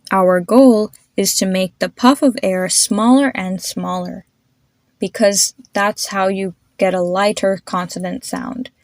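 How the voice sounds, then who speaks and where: A woman hosting a pronunciation lesson, demonstrating sounds slowly and repeating them for the listener. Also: mid-range voice, dry recording. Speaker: host teaching pronunciation.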